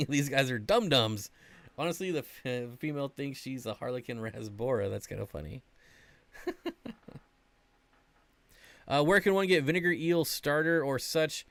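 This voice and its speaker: A man's voice: medium pitch, moderate pace, gravelly, pauses often, fairly bright tone, no room sound. A man hosting an aquarium livestream, chatting casually and answering viewer questions, rambling with lots of fillers. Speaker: aquarium channel host.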